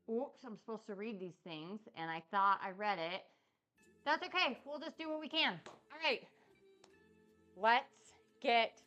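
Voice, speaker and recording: Upbeat woman streamer with a slight lisp. Bright, pushy tone and a raised pitch, with soft music underneath. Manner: bubbly, excitable, chatty. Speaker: cooking streamer. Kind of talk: casual live-stream chat.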